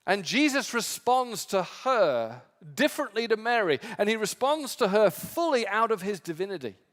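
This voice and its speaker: A male pastor preaching a sermon with impassioned emphasis, swinging from strong peaks to quiet, low passages. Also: sing-song, moderate pace, big-room sound. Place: church sanctuary.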